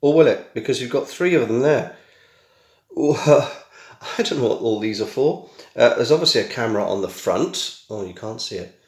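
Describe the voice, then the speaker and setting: A man's voice: mid-range voice, lively intonation, normal speed, roomy sound. A middle-aged British man chatting casually through a home unboxing, full of wry, self-mocking asides. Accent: British English. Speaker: tech vlogger. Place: small room at home. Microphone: camera mic.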